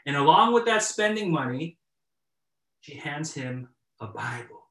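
A man's voice: on the high side, very animated, measured pace, distant mic. Man telling a sermon story in an echoey room. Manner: conversational, warm storytelling with chuckles and repeated starts. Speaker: pastor.

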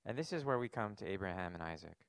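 A man's voice: low-pitched, lively intonation, fast, clear, resonant tone, no echo. A man preaching a sermon, earnest and emphatic, posing rhetorical questions to his congregation. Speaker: pastor.

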